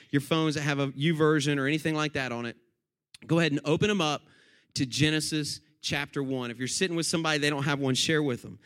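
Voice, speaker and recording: Guy preaching a sermon, bright punchy voice, talks right to the crowd. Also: on the high side. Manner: animated, acts out shouted scenes, addresses congregation directly. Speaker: pastor.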